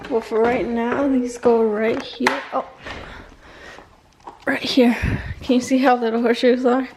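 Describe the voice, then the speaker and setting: A woman's voice: fairly high pitch, little pitch movement, measured pace, noisy background. A young woman vlogging her morning at home, chatting to viewers and telling her toddler what to do. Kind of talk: casual vlog talk to camera. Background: dogs.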